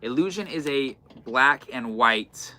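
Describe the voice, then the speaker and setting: A man's voice: medium pitch, expressive, takes it slowly, bright, forceful tone. A man hosting a live-stream fabric sale, chatting casually and repeating item numbers as he goes. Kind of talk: live-stream sales chat. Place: indoor fabric shop in the far north.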